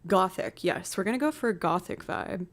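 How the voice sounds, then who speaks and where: A woman's voice: medium pitch, lively intonation, normal speed. A young woman musician chatting casually on a livestream, thinking aloud and poking fun at herself while she has bronchitis.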